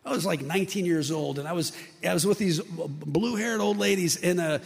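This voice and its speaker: A man's voice: high voice, fairly quick, vocal fry, long reverb tail. A middle-aged male pastor preaching a sermon, telling stories and acting out the people in them. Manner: animated storyteller, acts out quoted voices.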